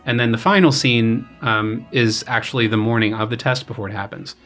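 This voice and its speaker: A man's voice: mid-range voice, brisk, soft background music. A young man, a graduate student composer, casually explaining his opera in a podcast chat, with lots of fillers. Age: young adult. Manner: relaxed, explains with many fillers and paraphrased quotes.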